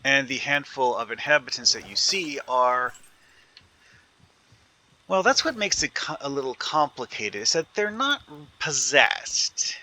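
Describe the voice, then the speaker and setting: A man talks casually over his own gameplay, thinking aloud as he goes. His voice is very bright and edgy, and his pitch jumps around a lot. He rambles and fills gaps with plenty of ums and restarts. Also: very animated, measured pace. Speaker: gaming video creator.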